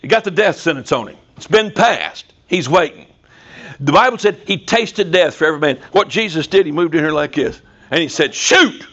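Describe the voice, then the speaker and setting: A man preaching a sermon in a prison, telling a story in a folksy, animated way. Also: on the high side, dull audio. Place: prison chapel.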